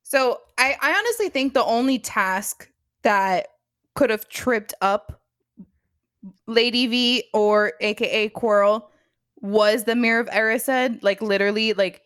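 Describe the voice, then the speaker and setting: A young woman co-hosting a podcast in casual chat, animated and quick to laugh. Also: mid-range voice, dry recording, clean studio sound. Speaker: podcast co-host.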